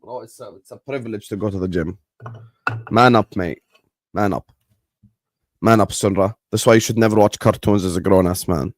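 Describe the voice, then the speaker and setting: A man's voice: on the low side, normal speed, pauses often, no echo, clean studio sound. A young man, casually commentating a football stream and bantering with his chat, laughing and teasing.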